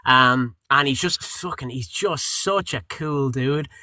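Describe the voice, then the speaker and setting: Bright-voiced Irish man telling stories. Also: medium pitch, slow, no room sound. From Ireland. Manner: animated storyteller, acts out quotes, swears casually. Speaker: guest voice actor. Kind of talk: casual interview chat.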